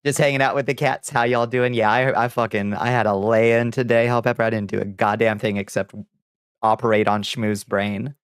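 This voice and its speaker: A man's voice: mid-range voice, little pitch movement, moderate pace, smooth, no echo, clean studio sound. A man streaming live, chatting casually with viewers, laughing often and swearing offhandedly. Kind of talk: casual livestream chat.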